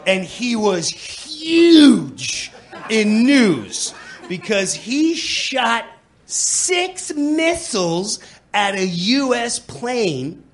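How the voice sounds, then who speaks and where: A middle-aged man from New York telling a stand-up story on stage, animated and quick to slip into voices. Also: very high voice. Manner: animated, jumps into voices, laughing asides. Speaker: comedian. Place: comedy club stage.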